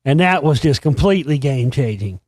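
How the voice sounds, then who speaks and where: A middle-aged man hosting a show, telling a story in a casual, profane, animated way and laughing as he goes. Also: medium pitch, a little fast, no room sound. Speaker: podcast host.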